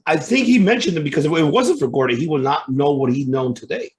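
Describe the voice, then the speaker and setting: A man's voice: fairly high pitch, quick pace. Easygoing man chatting on a podcast. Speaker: podcast co-host. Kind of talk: casual wrestling podcast chat.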